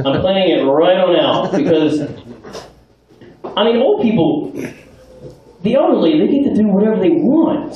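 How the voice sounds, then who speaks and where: A young man doing stand-up comedy in a bar, building each joke with deliberate pauses before the punchline. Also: high voice. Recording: echoey bar, far mic, noisy.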